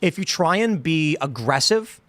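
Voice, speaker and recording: A man in his thirties talks through a long story on a podcast, wandering from point to point and now and then slipping into mimicked voices. His voice sits a little high for a man. The sound is dry and close, with no room around it. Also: lively intonation, unhurried, a bit bright, dry recording. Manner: rambling, acts out quotes in put-on voices. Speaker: podcast host. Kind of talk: casual political chat.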